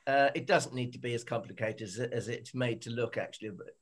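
A man's voice: mid-range voice, brisk. A man co-hosting a casual gardening chat over a video call, making dry, wry remarks.

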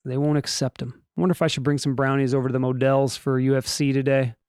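A man's voice: mid-range voice, little pitch movement, fast talker, darkish tone, smooth, no echo, clean studio sound. A man hosting a casual news podcast, rambling and joking through the stories with restarts and mock voices. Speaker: podcast host.

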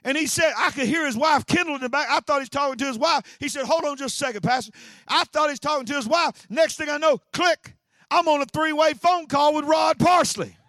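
A man, a pastor preaching an energetic sermon with frequent shouts and repeated phrases. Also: very high-pitched, brisk, dry recording, studio quality.

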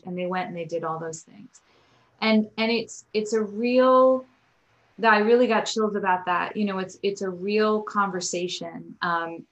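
A woman's voice: lowish voice, a bit bright, rough recording. A woman guest on a podcast interview, a yoga teacher telling stories and acting out quotes with animation.

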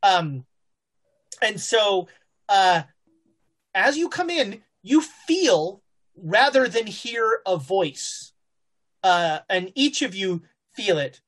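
A woman runs a horror tabletop game as game master, her narration halting and full of fillers and restarts. Her voice sits at an ordinary middle pitch. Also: sing-song.

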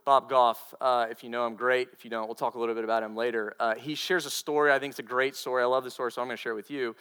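A man's voice: medium pitch, little pitch movement, rapid-fire, a bit bright, clean tone. A male pastor preaching a sermon and telling a story earnestly, often repeating himself and restarting phrases.

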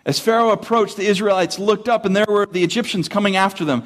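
Speaking quickly, a male pastor delivers a story-driven sermon in a conversational manner, wandering into frequent asides. For emphasis, his voice climbs high and grows loud.

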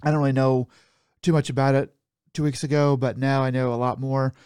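A man's voice: medium pitch, little pitch movement, fairly quick, darkish tone, clear, resonant tone, no echo, clean studio sound. A man co-hosting a podcast over a call, chatting casually, laughing often and getting worked up. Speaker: podcast co-host. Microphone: remote call mic.

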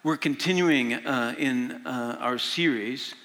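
In a large, reverberant church hall, a sixties-aged senior pastor takes his time with a sermon, his mid-range voice a bit bright. He preaches in a folksy, storytelling manner with frequent filler sounds.

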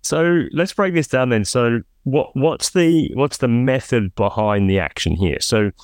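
A man's voice: medium pitch, a little slow, no room sound, studio quality. A man hosting a podcast who asks probing questions and thinks aloud as he restarts his phrasing. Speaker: podcast host. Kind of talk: interview questions.

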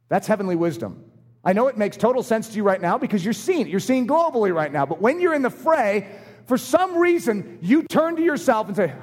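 Guy preaching in a big echoey hall, high voice, acts out little voices. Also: normal speed. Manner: animated, acts out little voices in his illustrations. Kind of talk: sermon. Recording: long hall reverb.

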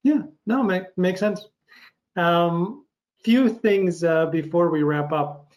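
A man with a somewhat high voice, whose first language is Russian, interviews an actor. He asks his questions in a friendly, unhurried way, stopping often on uhs and ums. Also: a little mellow. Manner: friendly, halting with fillers. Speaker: interviewer host. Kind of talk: casual interview conversation.

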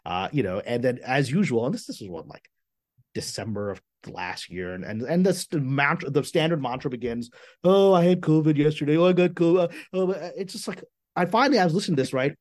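A man being interviewed as a screenwriter guest, talking in an animated, emphatic way with quick restarts. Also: medium pitch, no echo. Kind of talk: conversational interview.

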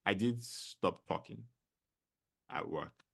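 A middle-aged man with a Nigerian accent, a podcast guest telling stories in a casual interview, animated and full of fillers. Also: lowish voice, slow, creaky, husky. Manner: animated storyteller, many fillers.

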